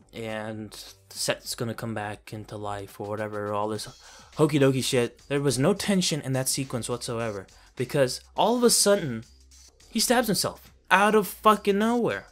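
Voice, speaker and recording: A man giving a casual, profane and sarcastic review of a film he finds ridiculous, laughing as he rants. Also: fairly high pitch. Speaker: movie reviewer. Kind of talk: casual ranting movie review.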